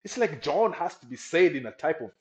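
A man's voice: a little high, sing-song, a little fast. A young man from the Congo with a Congolese accent, a podcast guest talking casually and often repeating his words. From Democratic Republic of the Congo. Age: young adult. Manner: repeats words, acts out others' reactions. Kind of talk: casual conversation. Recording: dull lo-fi sound.

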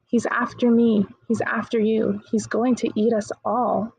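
A woman's voice: fairly high pitch, slow pace, vocal fry, darkish tone, slight background noise, low-quality recording. Frightened old dentist, read by a woman. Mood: scared. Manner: pleading, frightened. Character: terrified old male dentist.

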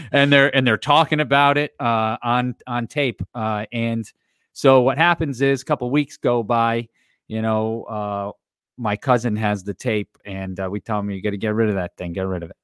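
A man spins a rowdy tale in casual podcast chat, his pitch sitting in the middle of the range. He gets animated and throws his voice up when he quotes others. The sound is close and dry. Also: normal speed, clear, resonant tone, no room sound. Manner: animated storyteller, acts out quotes loudly.

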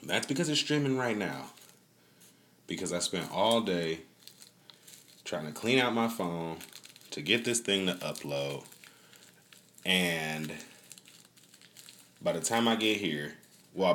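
Deep-voiced man venting casually on a podcast. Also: animated, a little slow, long pauses, a bit bright, a little hiss or hum. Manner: profane, rambling, venting with laughs. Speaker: podcast host. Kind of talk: casual streamed podcast talk. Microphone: phone on a stand.

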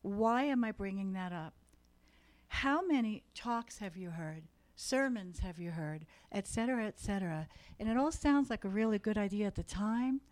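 Woman preacher, sermon to a room, earnest and exhorting, medium pitch. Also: lively intonation, moderate pace, darkish tone. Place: church meeting room.

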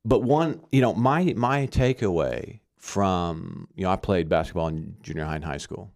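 A man's voice: deep voice, moderate pace, creaky, a little mellow. A man from Arkansas giving earnest, emphatic Christian teaching in conversation, often checking in with "okay?".

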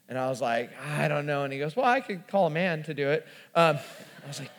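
A man telling a self-mocking, animated story as part of a sermon. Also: fairly high pitch, a little fast. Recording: long hall reverb.

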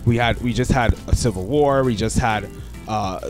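A man's voice: fairly low pitch, moderate pace, over music. A man co-hosting a casual group podcast, rambling and emphatic as he makes his point. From United States. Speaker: podcast co-host.

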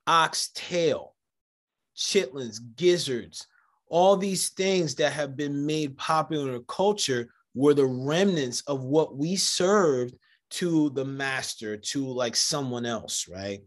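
Lively man telling animated stories. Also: fairly high pitch, slow. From United States, Jamaican family. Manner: animated storyteller, acts out quoted voices. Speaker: podcast host. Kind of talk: casual conversation.

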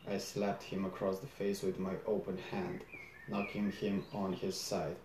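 A man reading a novel aloud in first person, low-key and unhurried, with small slips and restarts. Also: monotone, darkish tone, a little hiss or hum. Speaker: audiobook reader. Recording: roomy echo.

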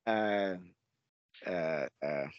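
An Australian man, a podcast guest, telling a story in a rambling, animated way with lots of swearing. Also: sits low, drawn-out words, clean tone, no echo, lo-fi sound. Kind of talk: casual storytelling.

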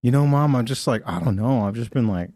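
A man joking in casual podcast banter, rambling and profane, often slipping into quick mocking impressions. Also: mid-range voice, lively intonation, mellow, no echo, studio quality. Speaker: comedy podcast panelist.

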